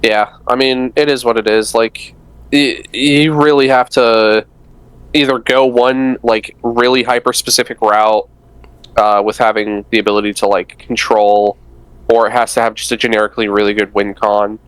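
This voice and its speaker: A man's voice: mid-range voice, steady tone, moderate pace, fairly bright tone, smooth, no room sound. A man co-hosting a podcast, chatting casually about card games with wry, joking asides. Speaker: podcast co-host.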